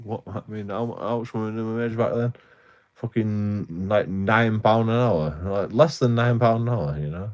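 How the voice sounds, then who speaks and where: A man's voice: medium pitch, darkish tone. Ranting man, swearing. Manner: rambling, heavy swearing, frequent restarts. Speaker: live streamer. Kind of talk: casual live-stream rant.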